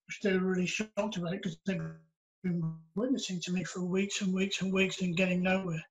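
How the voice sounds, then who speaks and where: A man's voice: high voice, little pitch movement, a little fast, low-quality recording. A man recounting a personal story in an earnest, reflective way during a church interview. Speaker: interviewee sharing his testimony.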